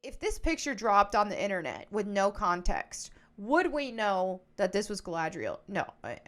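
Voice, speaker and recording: A woman YouTuber giving casual, animated video commentary and laughing often. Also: medium pitch, normal speed.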